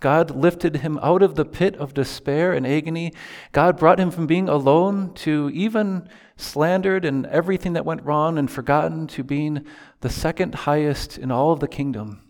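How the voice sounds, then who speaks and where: A pastor delivers a sermon in an earnest, steady way. His voice sits a touch higher than most men's, and he drops into quoted prayers as he preaches. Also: normal speed.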